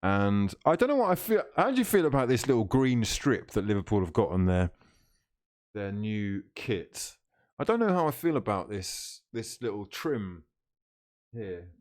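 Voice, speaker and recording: A man's voice: lowish voice, big pitch swings, moderate pace. A man hosting a live football watchalong stream, reading out chat comments, teasing viewers and laughing often.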